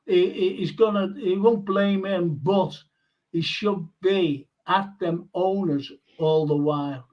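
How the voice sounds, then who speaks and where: Older fella hosting a fan show, kinda high voice, tells stories and laughs a lot, dull lo-fi sound. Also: male voice, slow, a little mellow. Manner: chatty storyteller, laughs often. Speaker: host. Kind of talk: live fan show chat. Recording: dull lo-fi stream audio.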